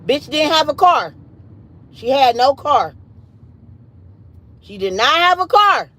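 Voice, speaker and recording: A woman in her late thirties telling a story on a livestream in an animated, emphatic, foul-mouthed way. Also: high-pitched, slow, poor audio. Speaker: livestream host.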